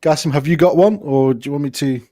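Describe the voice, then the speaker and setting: A man co-hosting a casual advice podcast in a studio, giving joking, deadpan advice. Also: fairly high pitch, fast talker, dry recording. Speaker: podcast co-host.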